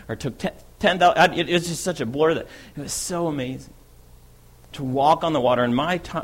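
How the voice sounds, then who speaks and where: An eager, bold fisherman apostle, as a man plays him in a first-person dramatic monologue. He tells his story in a loose, conversational way. He keeps checking in with a quick "right?". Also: mid-range voice, husky.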